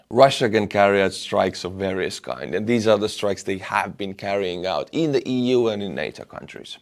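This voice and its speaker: A man's voice: on the low side, darkish tone. A man, giving blunt, emphatic solo commentary on war news and pushing into indignant outbursts. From Estonia.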